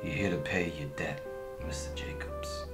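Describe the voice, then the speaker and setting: A man playing a smooth, menacing mob boss in an overacted gangster manner. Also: rumbling low, steady tone, moderate pace, in a whisper. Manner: overacted gangster delivery, then mangled fake accents. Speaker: actor in a sketch. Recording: roomy echo under music.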